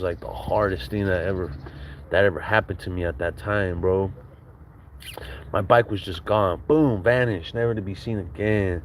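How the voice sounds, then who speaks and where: A man with a fairly low voice tells stories from his childhood in casual, slang-heavy talk full of swearing. He acts out what people said and laughs now and then. Faint noise sits under the recording. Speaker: podcast host telling childhood stories. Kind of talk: casual storytelling.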